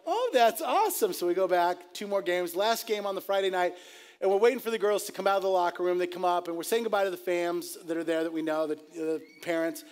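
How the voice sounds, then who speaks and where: A middle-aged man, a pastor, preaching a sermon and telling stories in an animated, jokey way, laughing at his own tales. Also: sits high, fast, clear, resonant tone. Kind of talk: sermon with storytelling.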